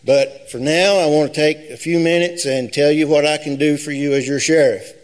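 A man's voice: on the high side, fairly even intonation, moderate pace. A man running for sheriff, speaking nervously and plainly at a live forum, with some hesitation. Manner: plain-spoken, a little hesitant with fillers. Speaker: sheriff candidate. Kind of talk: campaign speech at a forum. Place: high school forum hall.

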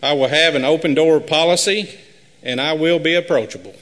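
Earnest male sheriff candidate, slightly high voice, reading pledges in a reverberant hall. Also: fairly bright tone. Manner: earnest, measured, repetitive pledges. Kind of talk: reading a prepared campaign speech. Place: high school forum hall. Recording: live hall with long reverb.

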